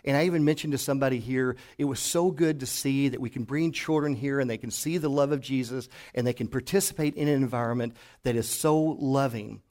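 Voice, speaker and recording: A man's voice: mid-range voice, fairly quick, hardly any pauses, darkish tone. A male pastor preaching a sermon in a church, telling folksy stories with frequent fillers and restarts. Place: church sanctuary.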